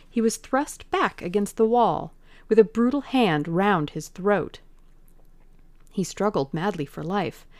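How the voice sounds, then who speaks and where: A woman reading a classic novel aloud as an audiobook narrator, in a slow, deliberate, brooding manner. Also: mid-range voice, dry recording.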